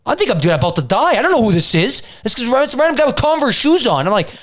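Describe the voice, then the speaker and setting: A young man co-hosting a podcast, telling a story in casual chat and acting out the shouting of the people in it. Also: very high voice, quick pace. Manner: animated storyteller, acts out quoted yelling. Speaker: podcast co-host.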